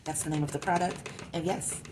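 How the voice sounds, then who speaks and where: A very low-pitched woman with a slight lisp talks through her crafting in a relaxed, thinking-aloud way. The recording carries clear background noise from the room. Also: fairly quick. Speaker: craft vlogger. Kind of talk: casual crafting narration.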